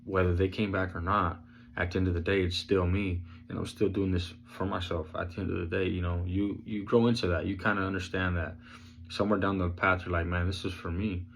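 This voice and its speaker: A hoarse man with a very deep, gravelly voice talks in a laid-back, rambling way, full of fillers. His delivery stays flat and even, and a faint hum sits under the recording. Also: brisk. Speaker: vlogger sharing his recovery journey. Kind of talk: casual spoken vlog.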